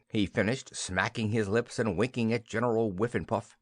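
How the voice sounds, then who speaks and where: A man reading a children's fantasy story aloud for English learners, with a lively, expressive delivery. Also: lowish voice, moderate pace, no echo, clean studio sound. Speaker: narrator.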